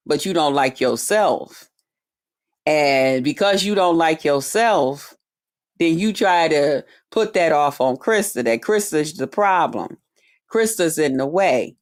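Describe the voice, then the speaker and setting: A woman hosting her own channel, ranting casually to subscribers in a profane, confrontational way. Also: sits low. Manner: profane, confrontational, drawn-out talk. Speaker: channel host. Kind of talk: casual vlog rant to subscribers.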